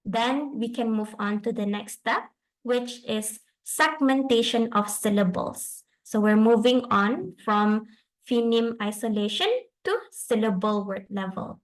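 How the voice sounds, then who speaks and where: A young woman speech therapist explains each step of a presentation over a video call. Her voice sits fairly high. She moves slowly through her points and slips Malay phrases into her explanations. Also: poor audio. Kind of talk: online presentation to parents.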